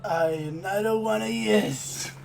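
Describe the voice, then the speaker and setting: A woman voicing a leopard-like female cat-folk shopkeeper with a put-on Scottish accent, clipped and gruff, in a tabletop game. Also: medium pitch, slow, a little mellow, slight background noise. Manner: gruff, clipped street talk.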